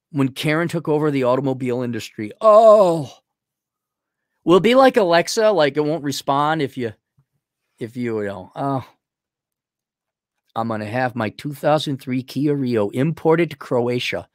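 A man with a slightly high voice hosts a casual livestream, reading viewer donations aloud and riffing on them sarcastically as he rambles. The recording is dry and of studio quality.

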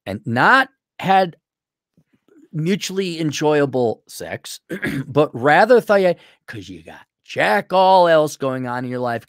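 A man's voice: no room sound, clean studio sound. A man hosting an advice show, giving blunt, mocking advice in a brash rant. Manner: brash and mocking, lively swoops in pitch.

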